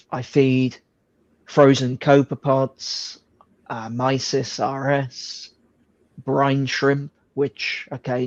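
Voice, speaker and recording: Man, casual chat, relaxed, swears, dull lo-fi sound, dry. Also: medium pitch, dry recording. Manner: relaxed, swears, laughs easily.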